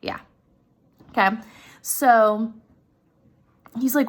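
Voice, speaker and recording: Chatty woman with a gravelly voice. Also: high voice, lively intonation, slow, long pauses. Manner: chatty, addresses listeners directly, many fillers. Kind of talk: casual retelling of a story.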